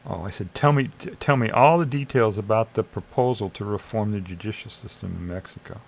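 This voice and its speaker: Gravelly, low male streamer; sarcastic, argumentative commentary, faint noise behind. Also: brisk, poor audio. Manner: sarcastic, argumentative, urging listeners to think. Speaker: live streamer. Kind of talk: casual commentary reading AI chat aloud.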